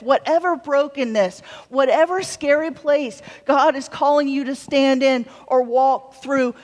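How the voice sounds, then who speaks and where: A woman with a fairly high voice preaches a sermon, easy and conversational, dropping wry jokes between her points. Her voice rings out with a long reverb, as if she were in a large hall. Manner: warm conversational preaching with wry humorous asides. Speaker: pastor.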